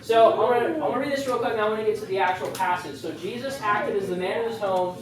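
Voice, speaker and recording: A youth leader gives a loose, joking sermon and keeps wandering into chatty asides. The voice sits at a middling pitch and comes from well back from the mic. It rings in a very echoey room over a faint background hiss. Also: quick pace, far from the mic. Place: youth group meeting room.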